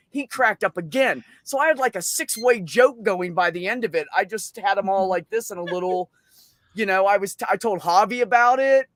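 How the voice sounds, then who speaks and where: A man telling a funny story in a casual, profane, animated way at an open mic. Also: high voice, a little fast, no room sound, studio quality.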